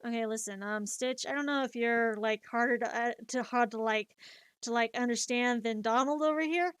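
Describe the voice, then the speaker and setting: A woman's voice: a little high, normal speed, clean tone, no room sound. A woman in her thirties streaming and telling rambling stories, full of fillers and restarts, laughing at herself. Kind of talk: casual storytelling chat.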